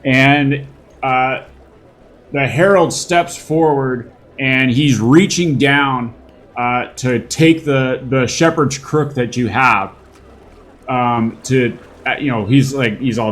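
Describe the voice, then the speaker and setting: Male game master, slow rambling narration, fillers and swearing, middle pitch. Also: a bit bright, slight background noise. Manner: rambling, with many fillers and crude words.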